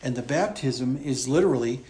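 A man's voice: mid-range voice, animated, moderate pace, darkish tone. A man preaching a conversational expository sermon in a church, explaining and repeating his points as he goes. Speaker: pastor.

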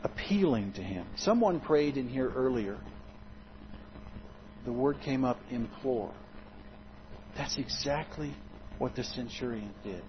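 Expressive male preacher. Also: slow, long pauses, muffled recording, a little hiss or hum. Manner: expressive, dramatic swings in loudness and pitch. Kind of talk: sermon.

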